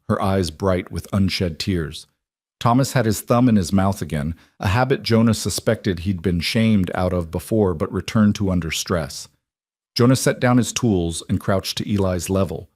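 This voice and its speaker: Low-voiced man narrating a western. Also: darkish tone, no echo, studio quality. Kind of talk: scripted narration of a western story.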